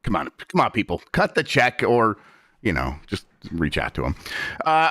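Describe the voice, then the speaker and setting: A man's voice: lowish voice, wildly swooping pitch, normal speed, pushed and bright, dry recording, clean studio sound. A man hosting a gaming podcast, chatting casually with many restarts, then reading a scripted intro. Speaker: podcast host.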